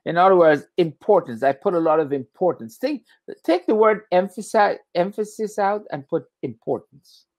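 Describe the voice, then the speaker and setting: Tired male English tutor, patient, repeats and rephrases words slowly. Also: sits high, lively intonation, darkish tone. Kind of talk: one-on-one English lesson.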